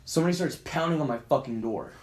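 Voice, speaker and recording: A young man co-hosting a podcast, telling a story in an animated, profane way and acting out the scenes. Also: a little high, fast, very noisy. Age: young adult. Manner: profane, acts out scenes with quoted voices and filler sounds. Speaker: podcast co-host. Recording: roomy echo.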